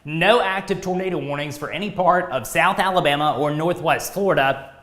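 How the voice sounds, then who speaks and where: Man, live storm warnings, urgent, fairly high voice, voice worn from a long day, echoey room. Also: fairly quick, fairly bright tone. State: voice tiring from talking all day. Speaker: meteorologist. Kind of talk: live severe weather coverage.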